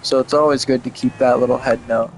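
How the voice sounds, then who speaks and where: A man's voice: medium pitch, steady tone, quick pace, a little hiss or hum, low-quality recording. A young man streaming a game, chatting casually and rambling with lots of "like" and swearing. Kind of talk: casual gaming stream chat.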